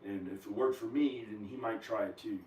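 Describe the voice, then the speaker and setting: A man at home in his kitchen, rambling in an agitated, meandering monologue with frequent pauses and fillers. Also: lowish voice, darkish tone. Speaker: video maker. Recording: echoey room, camera far from the mouth.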